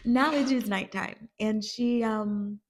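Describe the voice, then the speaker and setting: A woman giving a casual episode recap, retelling the plot in an animated, storytelling way. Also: fairly high pitch, slow pace, slight background noise. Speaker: TV recap vlogger.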